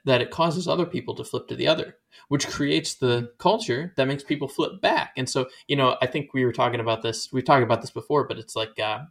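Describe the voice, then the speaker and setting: Gravelly-voiced man in animated chat. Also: mid-range voice. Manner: animated, rambling, acts out quoted voices. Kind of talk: casual faith discussion.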